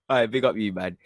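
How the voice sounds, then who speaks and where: A young man hosting a football channel chats casually on a livestream in a lowish voice, with clean studio sound and no room echo. He banters with viewers, laughs often and uses street slang.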